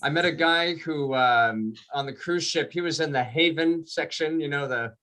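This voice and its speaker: A man doing a stand-up comedy set on a video call, telling stories in an animated way and laughing at his own jokes. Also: a little high, moderate pace.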